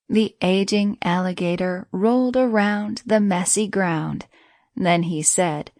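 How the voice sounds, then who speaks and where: A woman narrating a bedtime story in a gentle, even reading voice. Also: mid-range voice, slow pace, no room sound, studio quality.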